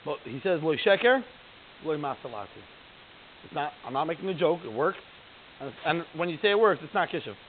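A man with a high-pitched voice leads a text study class. He reads Hebrew lines aloud and unpacks each one in plain, chatty talk, often stopping to ask the class questions. The audio is thin and phone-like, with a faint hiss underneath. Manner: reads Hebrew lines aloud, then translates and explains them; conversational, asks the class rhetorical questions. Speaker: Torah teacher.

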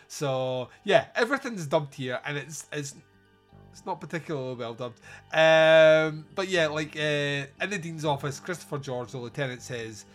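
Male host, slightly high-pitched, mocking and sweary in a casual film review chat. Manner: animated, sweary, mocking the film's dialogue. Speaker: podcast host.

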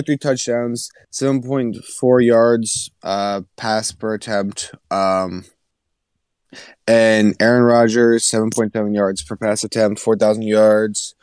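Blunt, swearing young guy, low voice, dry sound, rattles off football numbers. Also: a little mellow, clear, resonant tone, no room sound. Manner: blunt, swears, reels off stats. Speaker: podcast co-host. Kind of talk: casual sports debate.

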